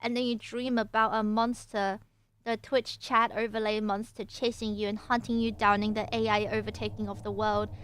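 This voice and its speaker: A woman's voice: medium pitch, little pitch movement, moderate pace, a bit bright, a little hiss or hum. A young woman streamer reading aloud and chatting with viewers, playful and giggly with lots of jokey asides. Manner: chats with viewers between passages. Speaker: VTuber streamer.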